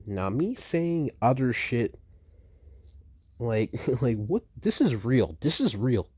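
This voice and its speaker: A man's voice: mid-range voice, very animated, slow pace, a little mellow, husky, dry recording. A seventeen-year-old young man ranting in heated, profane commentary, leaning on "like" and "bro" as he complains about an online argument. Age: teens. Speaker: vlogger.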